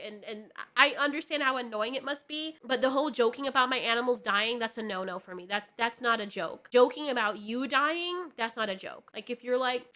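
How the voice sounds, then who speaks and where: A woman's voice: high-pitched, lively intonation, brisk, few pauses, pushed and bright. A woman hosting a video, chatting candidly and bluntly, rambling and laughing between thoughts. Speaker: video host. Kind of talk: candid casual chat.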